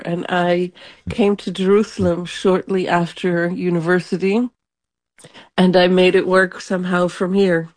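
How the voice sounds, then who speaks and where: A woman's voice: medium pitch, a little mellow. A woman journalist answering interview questions in a conversational way, laughing easily. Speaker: journalist guest.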